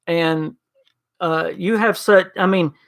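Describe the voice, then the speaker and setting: A man's voice: high-pitched, fairly even intonation, takes it slowly, creaky, fairly bright tone. A man hosting a gaming podcast livestream, rambling casually, stumbling over restarts and answering chat messages by name. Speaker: podcast host reading live chat.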